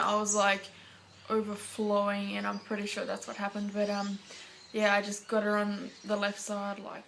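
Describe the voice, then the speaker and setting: A woman's voice: medium pitch, slight background noise. An Australian woman chatting casually to camera as a parenting vlogger, rambling along with lots of fillers.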